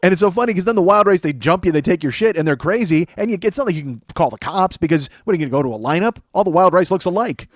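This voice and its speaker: A man's voice: sits high, lively intonation, rapid-fire, hardly any pauses, no echo. A man in his forties from Chicago, a podcast host riffing through a sarcastic, profane comedic monologue in a small studio.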